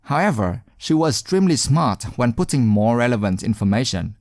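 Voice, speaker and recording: A male teacher narrates a speaking lesson with an animated, rising and falling voice. He sounds encouraging and deliberate and leans on key words. His voice is close and dry, with no room around it. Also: mid-range voice, dry recording. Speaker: English exam teacher. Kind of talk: scripted instructional narration.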